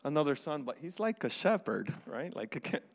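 A man preacher voicing a dismissive father with a low, offhand tone. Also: sing-song, brisk.

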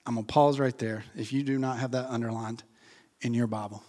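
A man's voice: mid-range voice, steady tone, a little fast, darkish tone, long reverb tail. A man preaching a sermon in a church. He speaks in an impassioned way and builds to fervent exhortation. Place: church sanctuary.

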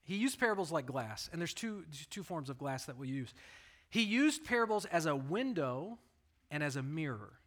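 Bright-voiced, animated man preaching. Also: on the high side. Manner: animated storyteller, voices the people in his stories. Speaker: pastor. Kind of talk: sermon.

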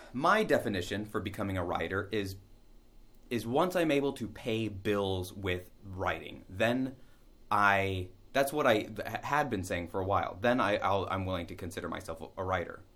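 A man with a fairly low voice talking to the camera in a rambling, animated way. He asks himself questions and answers them in a casual monologue. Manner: rambling, animated philosophical musing. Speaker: vlogger.

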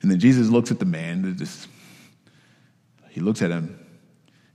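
A man preaching a sermon, telling a story with lively, casual asides. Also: sits low, measured pace, pauses often, in a large hall.

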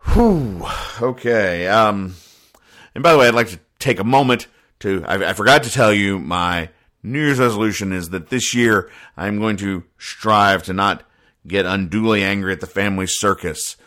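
A man with a fairly low voice talks through the week's comic strips in a loose, rambling way. He explains each joke with dry, wry commentary and briefly bounces into quick voices for the characters. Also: a bit bright. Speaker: host reading comic strips aloud. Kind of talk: casual comic-strip recap.

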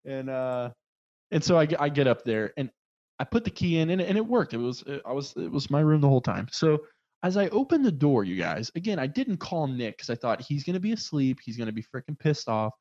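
A man telling a story in casual chat, acting out the people in it with lively swings of voice. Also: medium pitch, brisk, lo-fi sound. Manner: animated, acts out the people in his story.

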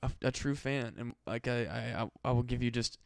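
A man's voice: mid-range voice, fairly even intonation, fairly quick, creaky, clear, resonant tone, dry recording. Rambling, swearing male podcast host. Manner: rambling, swears a lot, mock-desperate pleading. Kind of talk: casual solo podcast rant.

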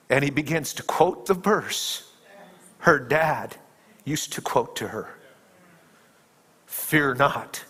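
A male preacher retelling a film scene in a sermon, shifting between hushed tones and emphatic peaks. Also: mid-range voice, takes it slowly, pauses often, slightly rough, big-room sound. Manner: dramatic storytelling, dropping to hushed tones and rising to emphatic peaks.

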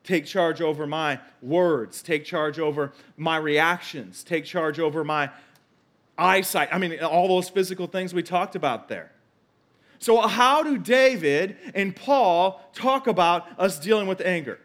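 Man, pastor, sermon, high-pitched voice, conversational, emphatic repetition. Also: a little slow, fairly bright tone.

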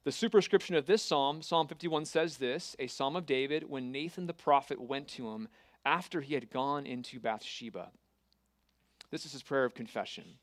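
A man preaching a sermon, retelling a scripture story with earnest, dramatic pauses and reading scripture aloud. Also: mid-range voice, dry recording.

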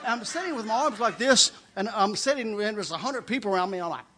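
During a sermon, a male preacher gives a humorous testimony as an animated storyteller, laughing often and acting out other people's voices. He has a high voice and a quick pace, with background noise present.

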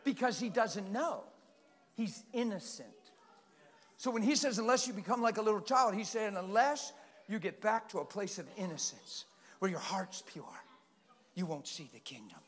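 A man preaching a sermon in a passionate, animated way, with sudden loud bursts. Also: sits high, moderate pace, long reverb tail.

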